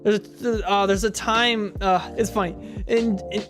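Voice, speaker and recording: A man's voice: high voice, steady tone, measured pace. A young man streaming while drawing, rambling in casual chat, laughing often and talking to himself. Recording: music playing under the voice. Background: clear background music.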